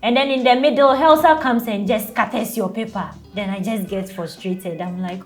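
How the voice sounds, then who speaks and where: A woman's voice: fairly high pitch, expressive, normal speed, few pauses, faint music behind. Chatty Ghanaian woman, easygoing. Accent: Ghanaian English. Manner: chatty, peppered with "like" and laughs. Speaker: interviewee mother. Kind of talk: casual chat.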